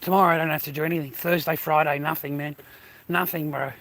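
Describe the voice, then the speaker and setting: A man's voice: on the high side, fairly even intonation, fast, vocal fry, a bit bright. An Australian man livestreaming, ranting bluntly and swearing heavily in casual grumbling talk. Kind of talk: profane casual rant.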